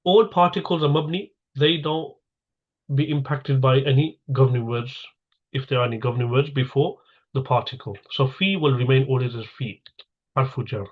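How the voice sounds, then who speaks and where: A man's voice: medium pitch, normal speed, phone-quality sound. A man teaching an Arabic grammar lesson, explaining patiently step by step and asking and answering his own questions.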